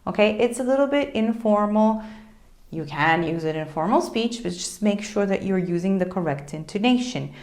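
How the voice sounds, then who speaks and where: Woman teaching a lively language lesson. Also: mid-range voice, normal speed. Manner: clear, explanatory, models Italian phrases with lively intonation. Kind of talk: friendly online language lesson.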